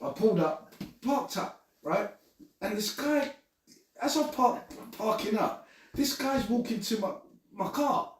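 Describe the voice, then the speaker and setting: A man's voice: sits high, animated, unhurried, pauses often. A man hosting a casual group chat, telling stories with lots of swearing, laughter and stammered restarts. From Britain. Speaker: podcast host. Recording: echoey room, mic at a distance.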